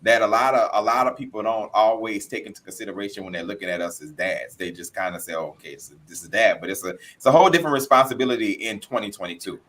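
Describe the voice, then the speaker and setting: A man's voice: lowish voice, fast, few pauses, fairly bright tone. A man on a discussion panel, speaking emphatically and earnestly. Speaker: panel guest.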